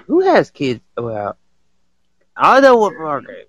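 A man hosting a casual live stream, excitable and slangy, laughing a lot. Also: a little high, measured pace, dry recording.

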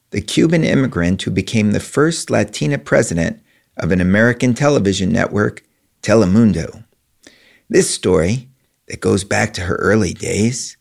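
Male podcast host, low and gravelly, measured scripted intro read.

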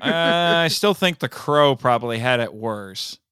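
A podcast co-host with a mid-range, animated male voice and a sharp tone chats casually while reviewing a tokusatsu show. He speaks at a measured pace, jokes playfully and laughs often. The audio is smooth, with no echo.

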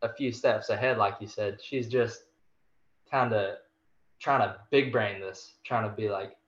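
A man's voice: on the low side, measured pace, fairly bright tone. A man guesting on a podcast, retelling a story in a laid-back, slangy way. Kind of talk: casual literary discussion. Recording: dull, lo-fi remote audio.

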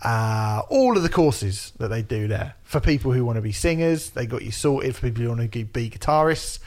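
A man's voice: medium pitch, animated, normal speed, a little mellow. A young man hosting a podcast, chatting in a jokey, bawdy way. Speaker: podcast host. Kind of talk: casual chat.

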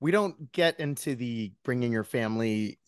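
A man's voice: mid-range voice, lively intonation, moderate pace, clean tone, dry recording, studio quality. A man hosting a podcast in casual chat, chatty and profane, laughing often. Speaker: podcast host.

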